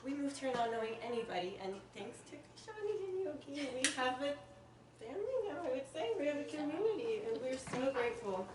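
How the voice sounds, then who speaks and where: A woman giving a heartfelt, halting toast at a home party, tearful and repeating her words. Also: high voice, sing-song. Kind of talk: emotional toast. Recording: roomy, distant, crowd behind. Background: party guests chatting.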